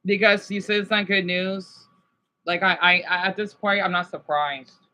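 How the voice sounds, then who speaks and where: Man streaming, bright tone, halting rambling talk, restarts a lot, sympathetic to chat. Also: high-pitched, rough recording. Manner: sympathetic and emotional. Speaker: livestreamer reading chat. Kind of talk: casual livestream chat.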